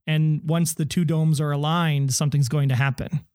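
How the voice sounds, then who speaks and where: A man talking through a TV episode in a casual, speculative way, his voice sitting a little higher than most men's. The sound is dry and close, with no room around it. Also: normal speed, clean tone, no echo. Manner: speculative, animated, quotes lines in put-on voices. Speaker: podcast co-host. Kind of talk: casual TV recap chat.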